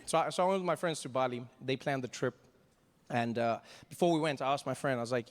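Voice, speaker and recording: A South African man doing stand-up comedy, telling a story with animated delivery. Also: mid-range voice, fast talker, in a large hall. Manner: animated storytelling, acting out voices.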